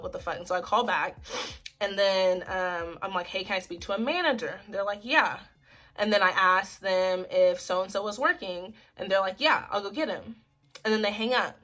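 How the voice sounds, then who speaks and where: A woman's voice: mid-range voice, pushed and bright. A woman in her twenties telling a personal story in a casual vlog, rambling and emotional, with lots of "like" and "freaking". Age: 20s. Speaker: vlogger.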